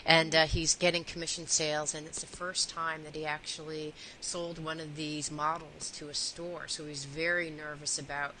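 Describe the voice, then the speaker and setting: A woman hosting an interview, chatty and rambling, full of fillers and restarts. Her voice is bright and forceful, sitting a little low for a woman. A faint hiss runs under the recording. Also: flat delivery, moderate pace, hardly any pauses, low-quality recording. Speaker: interview host. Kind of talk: conversational interview.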